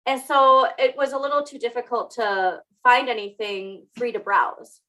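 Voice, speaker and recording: A woman's voice: fairly high pitch, steady tone, moderate pace, bright, forceful tone, low-quality recording. A young adult woman co-hosting a podcast in casual chat, laughing often and teasing herself. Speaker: podcast co-host.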